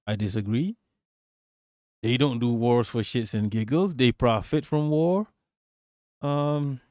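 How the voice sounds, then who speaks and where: A man's voice: on the high side, warm tone, no room sound, studio quality. Brash, profane male streamer. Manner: brash, profane, talks back at a playing video and chat. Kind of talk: casual live-stream reaction commentary.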